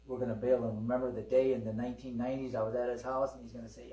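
A man's voice: medium pitch, little pitch movement, racing, dark tone. A middle-aged man preaching and telling personal testimony stories, calling for amens from his congregation. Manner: folksy storytelling, call-and-response with the congregation. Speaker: pastor. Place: church hall. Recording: roomy hall, distant mic, mains hum.

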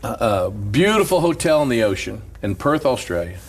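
A man, a pastor, telling stories on a talk show, animated and laughing at his own anecdotes. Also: mid-range voice, normal speed, husky. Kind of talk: storytelling on a Christian talk show.

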